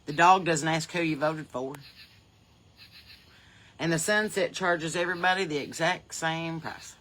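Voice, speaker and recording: Southern lady podcast host chatting on her porch, bright voice, folksy and loud then soft, faint hiss behind. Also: sits low, unhurried. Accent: Southern American. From American South. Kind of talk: casual livestream chat. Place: outdoors on a porch. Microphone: phone on a holder.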